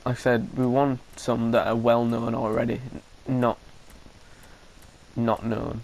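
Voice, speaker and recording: A man's voice: mid-range voice, level tone, slow, gravelly, pauses often, darkish tone, slight background noise, poor audio. A man, thinking aloud as he commentates his gameplay, hesitant and full of restarts, with an occasional cough. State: coughing now and then. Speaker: gaming commentator.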